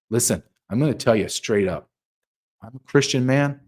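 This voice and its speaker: A man's voice: medium pitch, moderate pace, a little mellow. A middle-aged man speaking as an interview guest, a former border agent, talking in an urgent, emphatic and insistent way. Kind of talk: impassioned interview talk.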